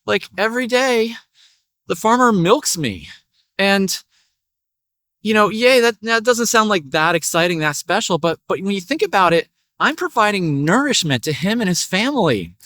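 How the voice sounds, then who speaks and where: A man's voice: high-pitched, lively intonation, normal speed, sharp tone, dry recording, clean studio sound. A man voicing a boastful farm cow who brags about her milk in a self-important, rambling way. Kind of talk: storytelling parable.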